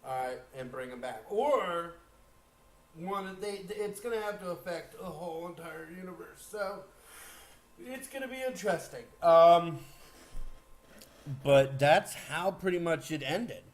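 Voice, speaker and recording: A man giving a casual, rambling movie spoiler recap, excitable, with lots of fillers and restarts. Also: fairly high pitch, a little slow. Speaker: movie reviewer.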